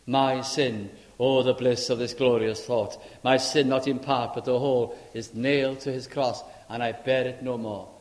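A man preaching a sermon, dramatizing a dialogue with the Lord and swinging between loud declarations and hushed words. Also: medium pitch, steady tone, normal speed, hardly any pauses. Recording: echoey hall.

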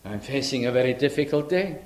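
Older preacher, slow and reflective. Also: male voice, medium pitch, expressive, a little mellow. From Wales. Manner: unhurried, reflective, with dramatic slow emphasis on scripture. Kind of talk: sermon.

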